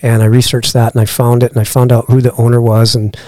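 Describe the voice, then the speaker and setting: A fast talker with a medium pitch, the lodge owner shares a long, relaxed story as a podcast guest, recorded dry. He animatedly voices the lines of the people involved.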